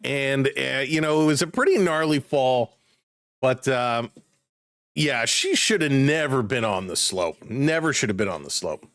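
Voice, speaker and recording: A man casually calling football play-by-play on a live stream, chatting excitedly with viewers. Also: medium pitch, a little slow, no room sound, studio quality.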